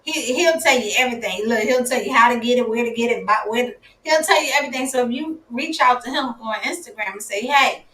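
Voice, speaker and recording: A woman hosting a casual live-stream interview, effusive and quick to exclaim. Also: on the high side, sharp tone. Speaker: host. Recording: echoey room.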